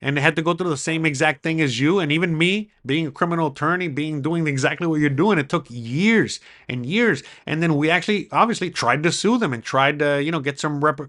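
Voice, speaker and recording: Profane, ranting middle-aged man, higher voice. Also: brisk, hardly any pauses, a bit bright. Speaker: podcast host; criminal attorney. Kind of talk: casual monologue to viewers.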